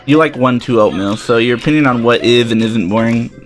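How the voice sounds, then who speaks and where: A man's voice: medium pitch, fairly quick, over loud music. A man giving live commentary while playing a game and answering his chat with sarcastic remarks. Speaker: game streamer.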